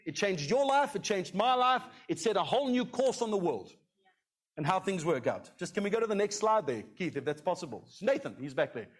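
Male pastor, middle-aged, high voice, chatty sermon style that keeps asking "okay?". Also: very animated, fairly quick, slightly rough. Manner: conversational, repeats "okay?" to the congregation.

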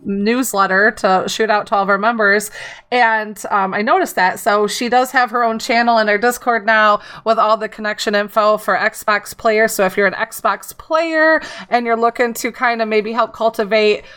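Bright, higher-voiced woman host. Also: steady tone, moderate pace, clean tone. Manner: playful, laughs often. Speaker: community podcast host. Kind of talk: casual group chat.

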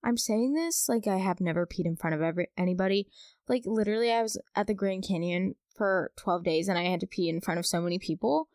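A young woman hosting a podcast, chatting casually and reading listener stories aloud with expressive, dramatic emphasis. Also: mid-range voice, quick pace, no room sound, studio quality. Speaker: podcast host.

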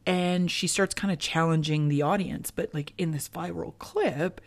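A woman's voice: sits low, normal speed. A woman hosting a podcast, chatting casually and telling gossipy stories about the week's headlines. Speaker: podcast host. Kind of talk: casual chat.

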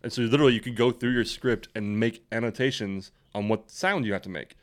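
A man's voice: mid-range voice, a little fast. A young man co-hosting a podcast in casual chat, laughing often and rambling with frequent restarts. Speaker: podcast co-host.

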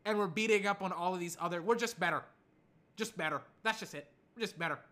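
An American vlogger in a casual sports rant, animated and arguing back at imagined critics, a little tired. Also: medium pitch, fast. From United States.

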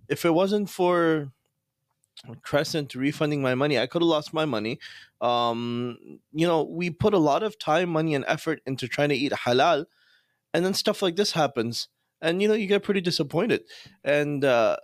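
Guy ranting fast on his podcast, annoyed, throws in islamic phrases, dry close sound. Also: fairly high pitch, no echo. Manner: fast-talking, frustrated, venting. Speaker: podcast host. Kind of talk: casual monologue rant.

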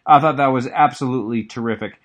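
A young adult man hosting a podcast in a middle-pitched voice. He gives a casual, excited wrestling recap that rambles, restarts his sentences and leans on plenty of ums and uhs. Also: quick pace. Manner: enthusiastic, rambling, frequent fillers and restarts. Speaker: podcast co-host.

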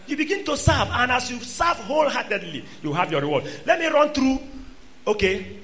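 Preacher man, high bright voice, emphatic, goes loud then quiet. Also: sing-song, measured pace. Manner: emphatic, swings between loud exhortation and quiet asides. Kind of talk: sermon.

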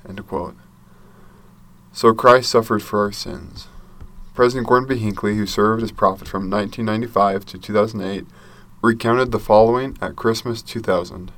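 A man giving a devotional talk and reading scripture aloud in a measured, earnest, reverent manner. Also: fairly low pitch, steady tone, a bit bright. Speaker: church speaker.

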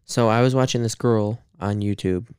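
A man's voice: on the low side, normal speed, darkish tone, clear, resonant tone, dry recording, clean studio sound. A young man co-hosting a podcast, rambling casually with lots of fillers and frequent laughs. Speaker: podcast co-host. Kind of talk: casual chat.

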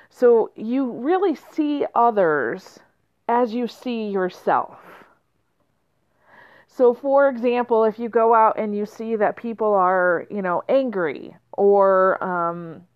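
A woman talks reflectively through a motivational podcast episode, pausing and restarting as she thinks aloud. Her voice sits at a middle pitch. The sound is dry and a little dull, like a home podcast mic. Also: clear, resonant tone, dry recording. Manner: reflective, with many fillers and restarts. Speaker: podcast host. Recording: slightly muffled lo-fi.

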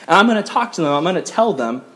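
A man's voice: high-pitched, very animated, fast, a bit bright. A man voicing a famous, self-important priest who loses patience, in a fairly natural voice. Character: proud celebrity priest, impatient older man.

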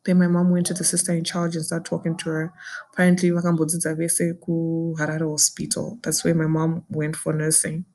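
A woman's voice: sits low, monotone, brisk, warm tone. A young woman with a Zimbabwean accent, telling a personal ordeal in an intense, indignant way and switching between English and Shona. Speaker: podcaster recounting a personal ordeal. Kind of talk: emotional personal storytelling.

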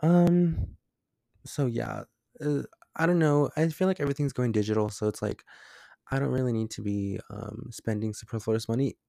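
Jittery young man, gravelly podcast chat. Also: medium pitch, brisk, warm tone, no echo, clean studio sound. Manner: rambling, jumpy, with many fillers. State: scared and tired late at night. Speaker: podcast host. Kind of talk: casual solo podcast chat. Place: bedroom at home.

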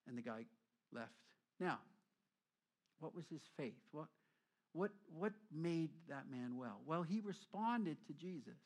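A middle-aged man preaching a sermon as a pastor, telling stories lively and acting out quoted voices. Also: on the high side, normal speed.

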